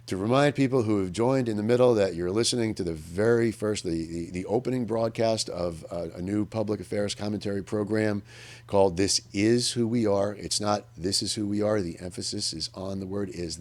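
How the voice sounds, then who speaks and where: A man hosting a public affairs radio commentary, talking earnestly and emphatically in an unscripted monologue, often restarting his sentences as he thinks aloud. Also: low-pitched. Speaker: radio host.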